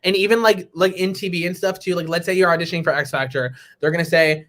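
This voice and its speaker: A man's voice: sits high, fairly even intonation, fairly bright tone. Playful, joking man on a podcast. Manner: playful, jokey, quick to tease. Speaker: podcast co-host. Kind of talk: casual chat.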